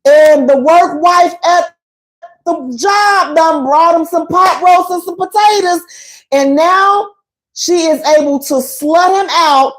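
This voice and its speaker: Sassy high-voiced woman radio host. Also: takes it slowly. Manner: sassy, animated, preachy with dramatic emphasis; colloquial, addresses listeners directly. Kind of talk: frank relationship talk to a live audience.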